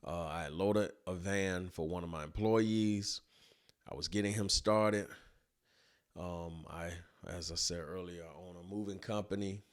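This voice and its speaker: Low-voiced man telling colloquial stories. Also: a little slow. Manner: colloquial, animated storytelling, acts out voices. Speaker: speaker and business owner. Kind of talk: storytelling talk.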